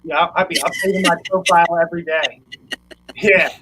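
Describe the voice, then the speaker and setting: A man talks loosely on a video call, high-voiced and bright. He laughs often and rambles through restarts. A faint hum sits behind him. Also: fairly even intonation, normal speed, low-quality recording. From Philadelphia area. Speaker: musician guest. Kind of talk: casual chat on a live video call.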